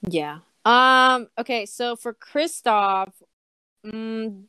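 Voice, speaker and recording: A woman on a group video call, organizing the plans with a bossy, joking manner and quick laughs. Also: on the high side, bright, forceful tone, clear, resonant tone, no room sound. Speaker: organizer of a group parody film. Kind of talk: casual chat on a group call.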